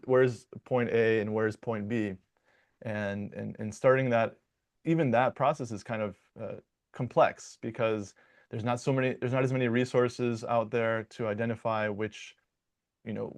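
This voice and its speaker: Man explaining like a dialect coach. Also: medium pitch. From Michigan. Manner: explanatory, with frequent repetitions and restarts. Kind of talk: conversational interview answers.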